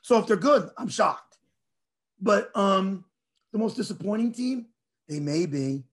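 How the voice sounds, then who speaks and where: A man hosting a casual sports chat, telling rambling, animated stories. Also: high-pitched, unhurried. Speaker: show host.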